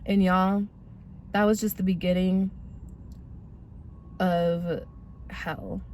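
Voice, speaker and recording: A woman's voice: fairly low pitch, takes it slowly, slight background noise. Casual young woman telling her testimony. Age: 20s. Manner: casual, animated, slangy, addresses viewers directly. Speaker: vlogger sharing her testimony. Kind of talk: personal testimony storytelling.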